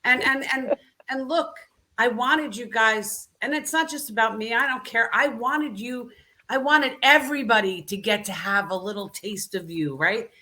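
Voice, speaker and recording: A woman hosting a live video chat, animated and talkative, often tagging her points with "right?". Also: fairly high pitch, normal speed. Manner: animated, frequent "right?" tags. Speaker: host. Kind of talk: casual live-stream chat.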